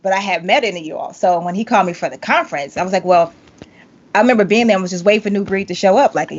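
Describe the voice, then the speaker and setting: A woman hosting a podcast, telling a lively story in casual chat and acting out quotes with big jumps in pitch. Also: brisk. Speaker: podcast host, vocal coach. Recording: slightly muffled lo-fi sound.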